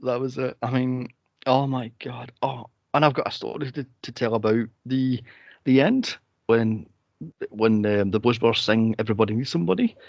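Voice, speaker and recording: A man hosting a movie podcast in casual chat, animated and laughing often as he acts out quotes. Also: mid-range voice, normal speed, vocal fry, no room sound, muffled recording. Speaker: podcast host.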